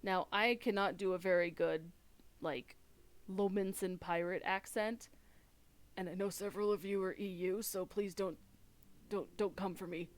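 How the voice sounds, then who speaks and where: A woman's voice: medium pitch, fairly even intonation, normal speed. A young woman streamer giving casual, chatty and self-deprecating commentary while playing a game.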